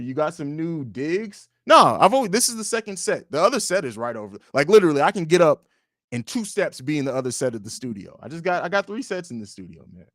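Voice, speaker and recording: In a dry recording, a young livestream host reads out viewer comments from his home studio and trash-talks, cursing freely on his casual fan stream. He alternates between loud bursts and low mumbling.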